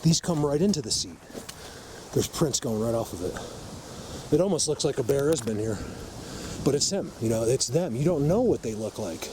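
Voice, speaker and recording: A man's voice: mid-range voice, lively intonation, moderate pace, long pauses. A man vlogging on a walk through a forest, talking emphatically and insistently to his viewers through the camera mic. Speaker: vlogger, Bigfoot field researcher. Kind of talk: walk-and-talk field vlog. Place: outdoors in a forest. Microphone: camera mic while filming. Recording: outdoor ambience, noisy, faint vehicle.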